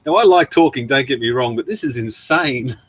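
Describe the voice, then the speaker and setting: Speaking a little fast with a breathy edge, an Australian man at medium pitch reads viewer messages on his casual live stream. He's chatty, laughs often and says um a lot, and his throat is tired from hours of talking. The recording has no room sound.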